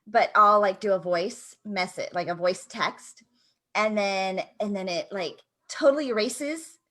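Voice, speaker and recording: A woman's voice: medium pitch, measured pace, fairly bright tone. Chatty woman co-host. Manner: chatty, lots of "like" fillers. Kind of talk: casual chat.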